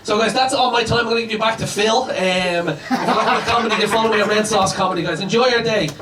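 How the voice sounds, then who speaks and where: A man doing a stand-up set, telling a story and acting out the dialogue in an animated way. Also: high-pitched, quick pace, recorded from a distance, background noise. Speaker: stand-up comedian. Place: comedy club on a boat. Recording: echoey club with audience laughter. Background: audience laughter.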